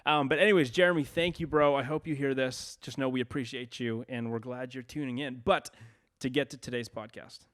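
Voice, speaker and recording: An upbeat young man co-hosting a podcast, his voice sitting at an ordinary middle pitch. He chats loosely and keeps a friendly, conversational flow. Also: steady tone, fairly quick, a bit bright. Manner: upbeat and chatty, many fillers. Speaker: podcast co-host. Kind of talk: casual podcast chat.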